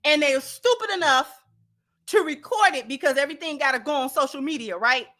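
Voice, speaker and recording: A woman hosting a commentary channel, talking to her viewers in an animated, emphatic, slangy way. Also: high voice, brisk. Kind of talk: casual commentary.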